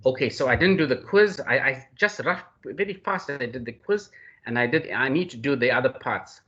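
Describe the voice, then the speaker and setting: Bright, effusive male lecturer. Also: medium pitch, lively intonation, moderate pace. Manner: effusive, addresses the other man by name constantly. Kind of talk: online class hosting. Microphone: video call. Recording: dull lo-fi video call audio.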